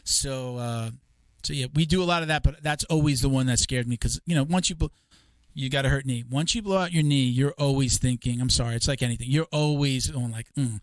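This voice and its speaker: A man's voice: mid-range voice, a little fast, no echo. A man in his fifties hosting a podcast, chatting casually and rambling with many restarts while acting out what others said. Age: 50s. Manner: animated storyteller, acts out quotes of others. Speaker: podcast host. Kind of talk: casual chat.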